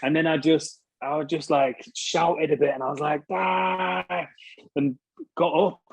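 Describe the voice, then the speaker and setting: A man's voice: on the high side, steady tone, normal speed, a little mellow, breathy edge, no echo, poor audio. A British man telling stories as an interview guest, casually, swearing freely and laughing at himself. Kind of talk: casual storytelling.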